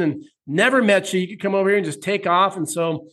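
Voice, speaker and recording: American male coach-host, casual and profane, fairly high voice. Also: a little fast, few pauses. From United States. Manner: loose, profane, animated storytelling. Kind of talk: casual interview chat.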